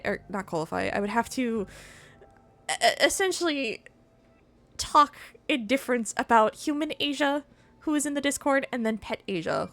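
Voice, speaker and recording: A young woman streaming a video game, chatting casually and rambling between frequent giggles. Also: on the high side. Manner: chatty and giggly, laughs often between remarks; rambling, with frequent restarts and fillers. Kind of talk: casual gameplay chat.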